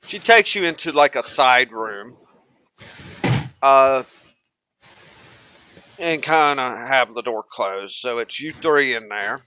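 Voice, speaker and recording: Slow, bright-voiced male game master. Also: medium pitch, clean tone, poor audio. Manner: slow, halting narration with fillers. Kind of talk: narrating a tabletop game.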